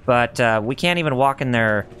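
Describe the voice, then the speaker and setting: A man streaming a video game, giving chatty, animated commentary full of reactions and jokes. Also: mid-range voice, normal speed, soft background music. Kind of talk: casual let's-play commentary.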